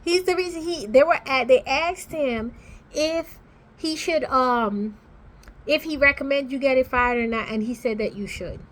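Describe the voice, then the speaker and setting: A high-pitched woman talks straight to camera from her small home office. She is outspoken and animated, casually chatting through her takes on TV shows. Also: unhurried. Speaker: vlogger reviewing TV shows.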